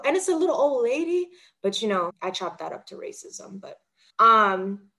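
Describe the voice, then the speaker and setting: A woman's voice: on the high side, sing-song, normal speed, sharp tone. A young adult woman co-hosting a podcast, telling stories in casual chat with lots of filler words. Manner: chatty storyteller, lots of "like" fillers. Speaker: podcast co-host.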